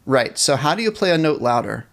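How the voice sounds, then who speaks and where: A man's voice: medium pitch, sing-song, a little fast, creaky, fairly bright tone. A man teaching a live-streamed band lesson, explaining instrument technique, reading viewers' chat and counting off rhythms for them to play along. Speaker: music teacher.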